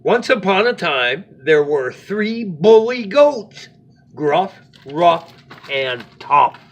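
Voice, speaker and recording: A man hosting a bedtime story show, reading a children's story in a playful, animated way. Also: high voice, slow.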